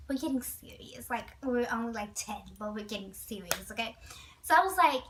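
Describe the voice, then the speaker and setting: A high-voiced woman vlogger tells a storytime in a chatty, animated way. She breaks off often to speak straight to her viewers. The mic sits a little away from her. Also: a little fast, distant mic, a little hiss or hum, poor audio. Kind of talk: storytime vlog.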